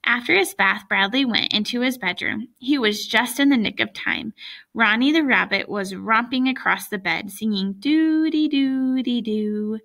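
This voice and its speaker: A woman reading a children's book aloud, with lively, chatty asides to young listeners. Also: medium pitch, normal speed, gravelly. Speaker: reader.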